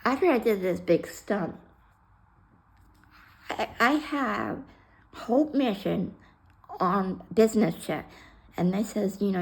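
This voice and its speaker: A woman's voice: medium pitch, slow pace, vocal fry, pauses often, darkish tone, rough recording. A woman casually telling a personal story on her vlog, blunt and heated, swearing freely and sometimes dropping almost to a whisper.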